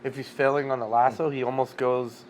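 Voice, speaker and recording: A man co-hosting a podcast, in a relaxed casual chat, often answering with short agreements. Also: medium pitch, brisk. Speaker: podcast co-host.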